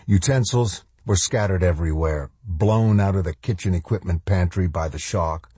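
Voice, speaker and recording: Deep, husky male audiobook narrator. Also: normal speed, dark tone, no room sound.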